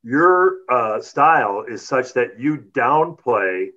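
A man's voice: mid-range voice, expressive, takes it slowly, bright, forceful tone, lo-fi sound. A man who is a radio announcer, hosting a podcast interview with long conversational questions.

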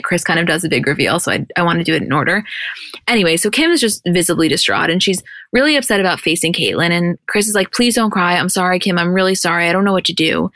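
Fast-talking chatty woman podcaster. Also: on the low side, a bit bright, dry recording. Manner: chatty, retells scenes with quoted dialogue. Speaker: podcast co-host. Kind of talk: casual recap chat.

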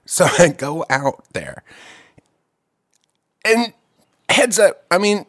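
A man telling a long story in casual chat, profane and animated, with quick asides and restarts. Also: sits high, dry recording, studio quality.

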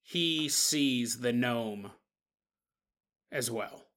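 A man hosting a podcast, retelling a story in a casual, animated way and acting out the people he quotes. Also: mid-range voice, very slow. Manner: animated, acts out quotes with playful voices. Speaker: podcast host.

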